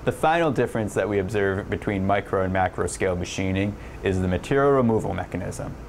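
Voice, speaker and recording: Low-voiced man narrating an engineering lesson. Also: expressive, fast talker, vocal fry, a little hiss or hum. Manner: explanatory, with occasional slips and fillers. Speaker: lecturer. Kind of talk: narrated online lab lecture.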